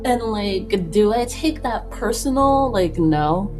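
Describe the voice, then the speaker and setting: Slow-talking young woman, rambling, music behind. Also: mid-range voice, animated. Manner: rambling, filler-heavy, many "like"s; laughs between thoughts. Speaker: beauty vlogger. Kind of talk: casual get-ready-with-me chat. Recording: music playing clearly behind voice.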